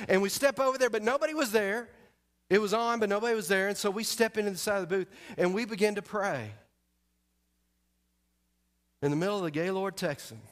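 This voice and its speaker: A man's voice: high-pitched, a bit bright. A man preaching a sermon as pastor, telling a personal story with emphasis and speaking straight to the congregation.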